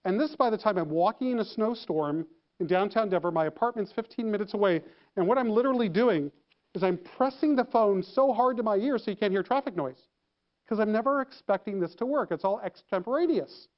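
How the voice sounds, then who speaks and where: A man telling a story to an audience, lively, acting out the phone calls he describes. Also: high voice, a little fast, lo-fi sound. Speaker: keynote speaker. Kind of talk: storytelling talk.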